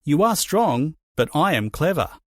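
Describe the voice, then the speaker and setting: A man voicing a tiny, clever male wren in a storybook, cheeky and quietly sly. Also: fairly high pitch, sing-song, measured pace, no room sound, studio quality.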